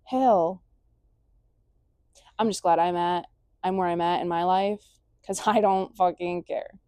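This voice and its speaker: A young woman speaking straight to camera in a casual rant, blunt and emphatic and swearing freely. Her voice is mellow and relaxed, recorded dry and close with no room sound. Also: on the low side, takes it slowly, clean tone, no echo. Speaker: vlogger.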